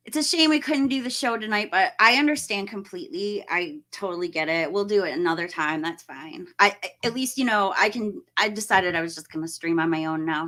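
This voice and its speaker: A woman's voice: lowish voice, sharp tone. A woman hosting a casual live stream, chatting and greeting viewers by name, laughing often.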